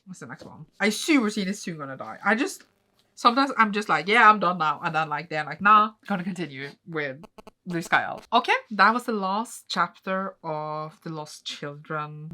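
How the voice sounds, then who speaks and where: A woman's voice: sits low, sharp tone. A young woman casually recapping manga chapters at home on her vlog, rambling with lots of fillers. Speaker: manga reading vlogger.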